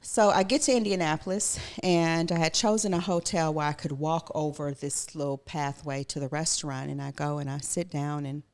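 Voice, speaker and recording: A woman's voice: sits low, fairly even intonation, normal speed, few pauses, darkish tone. A woman guest telling a personal story in conversation, vividly acting out what others said. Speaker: guest, educator.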